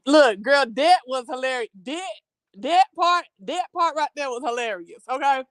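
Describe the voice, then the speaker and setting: A woman's voice: high-pitched, expressive, moderate pace. A woman hosting a live stream, recapping a reality show in a laughing, slangy, emphatic way. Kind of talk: animated reaction commentary.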